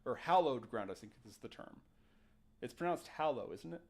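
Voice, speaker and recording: A man's voice: mid-range voice, normal speed, vocal fry, crowd noise. A man hosting a casual show, telling a ghost story with jokes and acted-out quotes. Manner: animated, jokey, acts out quotes. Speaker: podcast host.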